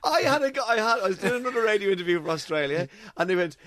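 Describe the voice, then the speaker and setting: Animated Irish man telling stories. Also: very fast, few pauses, noisy background. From Ireland. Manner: animated storyteller, bursts into loud high-pitched impressions and laughter. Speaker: comedian guest. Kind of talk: casual radio chat.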